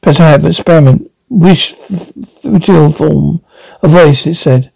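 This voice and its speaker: A man voicing a frail, ancient abbot who speaks in halting, broken phrases. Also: a little high, gravelly, warm tone, breathy edge, no echo, full character voice, low-quality recording. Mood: pleading. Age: older. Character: frail ancient male abbot, weary and urgent.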